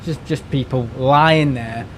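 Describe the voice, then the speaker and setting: Speaking slowly at an ordinary middle pitch, a man from the United Kingdom vents in a casual rant on a live stream, rambling, stumbling over and repeating his words, and swearing. A faint air-conditioning hum sits underneath.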